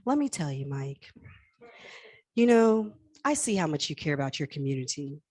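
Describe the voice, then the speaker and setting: A woman's voice: low-pitched, sing-song, normal speed, darkish tone, dry recording, low-quality recording. A woman calling a live charity auction on stage, playfully coaxing and teasing bidders by name. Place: event hall stage.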